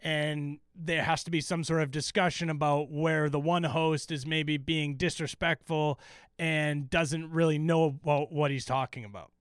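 A man co-hosts a casual podcast recapping a TV show, talking with enthusiasm and plenty of swearing. His voice sits a bit high and comes through smooth and clear. The sound is close and dry, with filler words scattered through his talk. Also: dry recording. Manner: enthusiastic, profane, many fillers. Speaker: podcast co-host.

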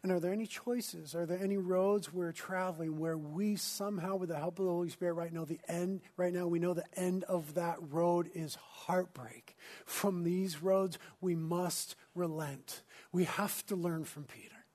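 An earnest male pastor delivering a sermon. His voice sits somewhat high for a man. He swings between urgent, pressing emphasis and hushed, whispered intimacy. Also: steady tone, moderate pace, few pauses.

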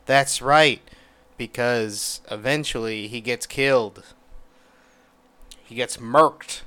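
A man's voice: medium pitch, slow pace, a bit bright, clean tone. A man giving casual reaction commentary, muttering offhand remarks and swearing now and then.

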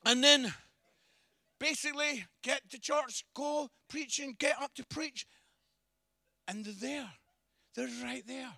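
Man, preacher, high voice, bright, humorous storytelling, dry close sound. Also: slow pace, long pauses, no echo. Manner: animated, humorous, acts out dialogue. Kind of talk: sermon with storytelling.

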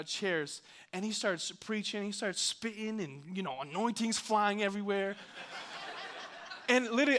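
A young man, a youth pastor, telling a funny story in an energetic, joking sermon. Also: high voice. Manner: hyped, joking, animated storyteller.

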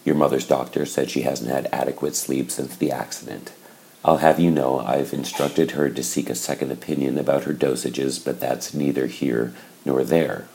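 A man's voice: very deep voice, steady tone, moderate pace, gravelly, mellow, a little hiss or hum. A man voicing a stern, formal middle-aged aunt in a clipped, proper manner.

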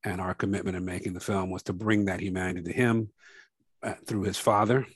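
A documentary filmmaker speaks in a very deep, level voice that rarely rises or falls. He talks slowly and thoughtfully, circling back with fillers and restarts. The sound is dry and close, with no room around it. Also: steady tone, breathy edge, dry recording. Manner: reflective, halting, many fillers and restarts; grows softer and lower toward the end. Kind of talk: interview conversation.

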